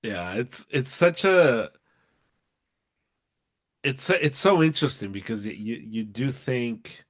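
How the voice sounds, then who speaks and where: A man's voice: mid-range voice, lively intonation, slow, long pauses. A man co-hosting a podcast, talking in a reflective way in casual chat. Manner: reflective, with short agreeing replies. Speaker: podcast co-host.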